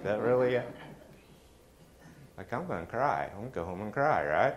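A man's voice: fairly low pitch, very animated, normal speed, long pauses, a little hiss or hum. A middle-aged man preaching a sermon in a conversational way, often asking the congregation questions.

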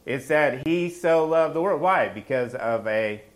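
A man preaching a conversational sermon as a pastor, animated and often asking the congregation questions. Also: a little high, measured pace.

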